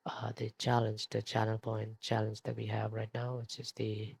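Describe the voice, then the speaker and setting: Soft-spoken man in whispered role-play hush. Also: on the low side, vocal fry, slightly rough, no room sound. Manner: soft and quiet, hesitant with many fillers. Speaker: streamer. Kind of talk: late-night stream sign-off, whispery ASMR-like voice.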